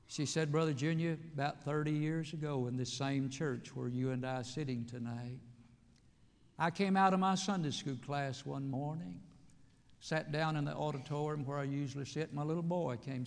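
Gravelly preacher in a reverberant church. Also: male voice, a little high, steady tone, moderate pace. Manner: emphatic, swings between loud calls and quiet storytelling. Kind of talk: sermon. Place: church sanctuary. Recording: long reverb of a church hall. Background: hall reverb.

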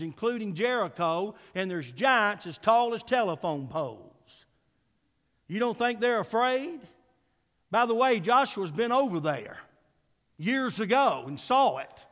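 A male pastor preaching a sermon, swinging from soft, low asides to loud, emphatic calls and asking the congregation for an "Amen.". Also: animated, a little slow, long reverb tail. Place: church sanctuary.

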